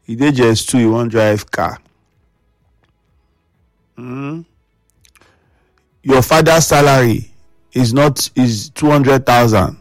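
A Nigerian man lectures his radio audience with a scolding, preachy edge, mixing pidgin into his speech. His voice sits at a medium pitch and sounds dry and close to the mic. Faint music plays underneath. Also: slow, long pauses, no room sound. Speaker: radio talk show host.

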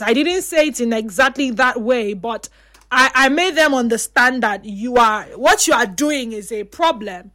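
A young woman hosting a casual chat, reading viewer comments aloud and telling stories with lively acted-out dialogue. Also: a little high, normal speed. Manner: animated storyteller, acts out dialogue.

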